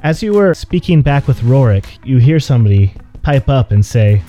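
Mellow male game master. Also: mid-range voice, expressive, moderate pace, soft background music. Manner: earnest, grateful. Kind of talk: recap narration of a tabletop game.

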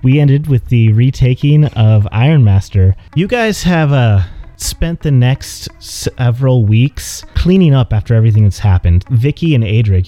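A man's voice: medium pitch, mellow. A man hosting and narrating a recap of a tabletop game as game master, earnest and grateful.

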